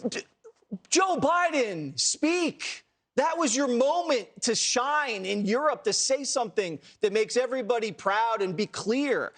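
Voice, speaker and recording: Male pundit, high pitch, sarcastic, mocking, tv studio panel. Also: expressive, a little slow, a bit bright. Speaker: panel co-host. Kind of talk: opinionated panel talk.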